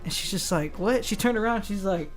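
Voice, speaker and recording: A man hosting a casual interview, telling stories with animated, acted-out quotes and plenty of slang. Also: sits high, brisk, soft background music. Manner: animated storyteller who acts out quoted dialogue. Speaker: interview host.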